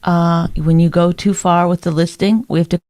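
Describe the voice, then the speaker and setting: A woman's voice: on the low side, steady tone, moderate pace, dark tone, dry recording. Sarcastic comedian lady teasing her cohost, dry room sound. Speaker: comedian podcast co-host. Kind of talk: casual comedic banter.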